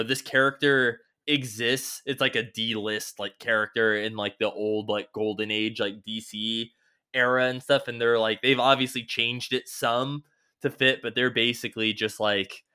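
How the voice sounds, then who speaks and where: A man's voice: mid-range voice, steady tone, moderate pace, pushed and bright, clean tone. A man co-hosting a podcast in casual chat, rambling with constant filler words and casual swearing. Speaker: podcast co-host. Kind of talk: casual chat recapping a TV show.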